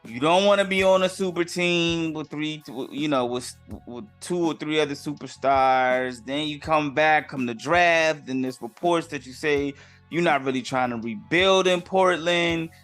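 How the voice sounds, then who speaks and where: A man with a fairly high voice talks through the week's sports news as a podcast host, loose and conversational. He drops "bruh" and "man" into exasperated asides. Faint music plays under his voice. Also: measured pace, fairly bright tone. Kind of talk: casual sports commentary.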